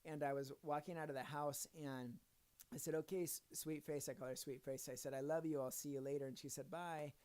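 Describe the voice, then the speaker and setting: A man's voice: fairly high pitch, steady tone, fairly quick, a little mellow, smooth. A man in his thirties or forties, a father, giving a casual devotional talk in an earnest storytelling manner with joking asides. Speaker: Christian video speaker.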